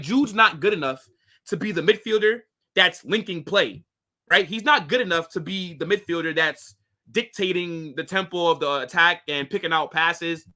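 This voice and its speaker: A man's voice: a little high, bright, forceful tone. A young American man hosting a casual football live stream, reading viewer comments and answering in slangy talk full of "bro" and "like". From United States. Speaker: football channel host.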